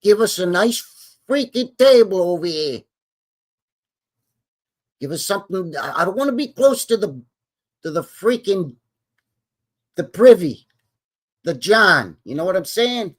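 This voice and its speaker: A man's voice: high voice, sing-song, pitched above the performer's own voice, full character voice. A man doing a brash mobster. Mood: blustering. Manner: tough-talking, insulting, quick to threaten. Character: brash hot-tempered Italian-American mobster man.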